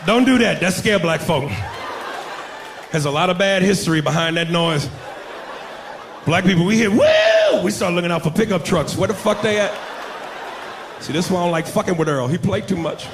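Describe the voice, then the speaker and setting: An American man telling animated, profane stand-up stories to a live crowd. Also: high-pitched, fairly quick, long pauses. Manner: loud, profane, animated storytelling. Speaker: stand-up comedian. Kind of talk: stand-up routine. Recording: live club show with audience noise.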